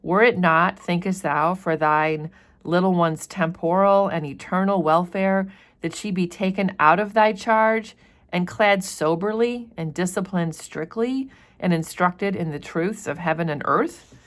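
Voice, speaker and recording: A woman's voice: on the low side, a little slow, natural voice. A woman reading the lines of a stern, judgmental male Puritan governor in formal, archaic questions.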